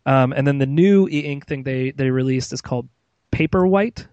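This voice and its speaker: A man's voice: mid-range voice, normal speed, darkish tone, clear, resonant tone, no room sound, lo-fi sound. A man hosting a casual tech podcast, rambling and opinionated, with plenty of fillers. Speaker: podcast host.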